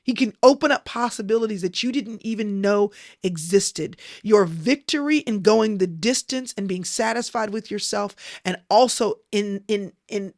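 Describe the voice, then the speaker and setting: A woman's voice: medium pitch, moderate pace, darkish tone, no room sound, studio quality. A woman giving a motivational Christian sermon in an emphatic, repetitive preaching cadence. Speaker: Christian speaker.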